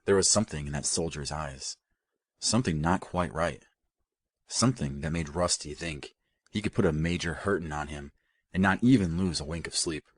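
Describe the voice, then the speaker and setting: A man narrating an audiobook in a steady, even storytelling manner. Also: extremely low pitch, normal speed, dry recording. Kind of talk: scripted narration.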